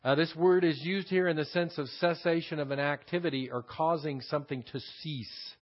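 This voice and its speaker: A man's voice: fairly high pitch, steady tone, brisk. Texan preacher guy breaking down greek words, says stuff twice, kinda muffled old recording. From Texas. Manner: repeats key phrases, explains Greek words. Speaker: pastor teaching scripture. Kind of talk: expository Bible teaching. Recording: dull lo-fi sermon recording.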